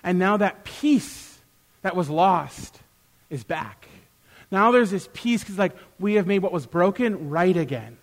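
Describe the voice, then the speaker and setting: A man with a high, light voice preaches a sermon to his church. He speaks in an animated way, acting out little back-and-forth exchanges and getting louder as he does. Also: unhurried. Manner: animated, acts out quoted exchanges with rising loudness. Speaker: pastor; youth worker.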